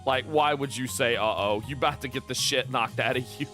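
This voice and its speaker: Bright, excitable male streamer. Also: mid-range voice, a little fast, soft background music. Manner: excitable, laughs often, repeats himself. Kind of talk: casual livestream chat.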